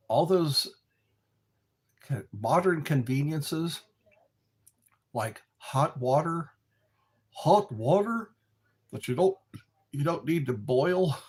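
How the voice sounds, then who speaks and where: Male streamer, slightly high, husky, unhurried rambling chat to viewers. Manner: slow, meandering, talks to viewers. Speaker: livestream host. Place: dark room lit by a candle.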